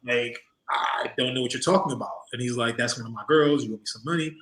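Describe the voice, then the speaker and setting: In a rough, reverberant recording, a man with a mid-range voice talks fast as he swaps stories during a relaxed interview. He is in his forties and used to wrestle. He laughs a lot and slips into impressions of the people in his tales.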